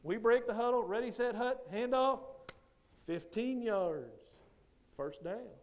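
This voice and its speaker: A man giving a motivational speech, telling a story with lively delivery and acting out the other people's lines. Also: very high-pitched, takes it slowly. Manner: animated storyteller who acts out others' lines. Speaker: motivational speaker.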